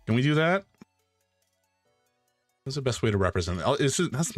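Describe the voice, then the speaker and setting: A man hosting a charity live stream, chatting casually while he draws and thanking donors in an excitable, joking way. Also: fairly low pitch, a little fast, long pauses, dry recording, soft background music.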